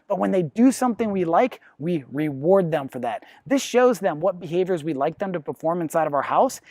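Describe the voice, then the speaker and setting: A professional dog trainer walks through the training steps in a plain, explanatory way. Their pitch sits in a middle range. The recording is dry and close, with no room sound. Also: darkish tone, no echo. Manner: plain, explanatory, acts out quotes. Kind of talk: instructional explanation.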